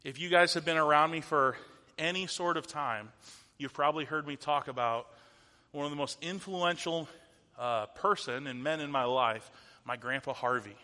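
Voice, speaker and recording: A man's voice: fairly high pitch, normal speed, sharp tone. A man in his thirties giving a conversational sermon as a pastor, asking the audience rhetorical questions. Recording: long hall reverb.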